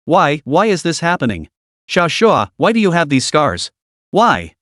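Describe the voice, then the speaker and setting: A man's voice: fairly high pitch, huge pitch swings, a little slow, a bit bright, dry recording, clean studio sound, exaggerated voice. A man voicing a frantic, tearful young sister. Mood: desperate. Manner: screaming, pleading, trembling. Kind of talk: storybook recap reading.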